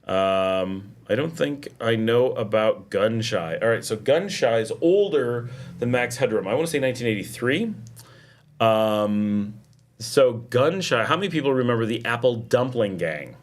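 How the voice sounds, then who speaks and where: A man's voice: mid-range voice, expressive, measured pace. A middle-aged man hosting a casual livestream, chatting and reading viewer comments aloud. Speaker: livestream host. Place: home in Nicaragua.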